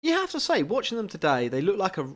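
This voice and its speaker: A man's voice: sits high, wildly swooping pitch, fast talker. A man co-hosting a podcast in casual chat, talking freely, poking fun at himself and steering the talk with questions. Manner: chatty, self-deprecating, leads the conversation with questions. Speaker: podcast co-host.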